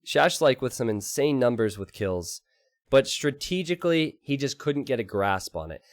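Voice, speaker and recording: A man casting a strategy game live, excitable and quick to laugh as he talks to his viewers. His voice sits at an ordinary mid pitch. The sound is dry, with almost no room echo. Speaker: game caster and streamer.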